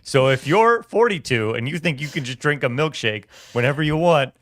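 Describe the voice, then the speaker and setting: A man's voice: a little high, expressive, moderate pace, a bit bright, dry recording, clean studio sound. A man co-hosting a podcast, wry and playful, with mock-formal asides. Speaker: co-host. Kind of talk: casual chat.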